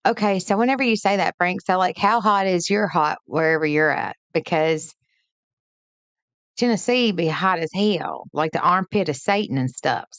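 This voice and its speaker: A chatty woman hosts a late-night live stream, greeting her viewers by name in a folksy way. Her voice sits low, and it sounds close and dry. She laughs easily and talks freely. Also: expressive, moderate pace, no echo.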